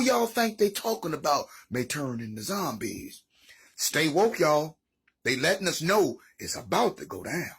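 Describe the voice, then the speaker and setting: A man's voice: on the high side, big pitch swings, unhurried, a bit bright, slightly rough. Joking man reacting to news. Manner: dramatic, joking, slangy. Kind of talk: casual commentary on news.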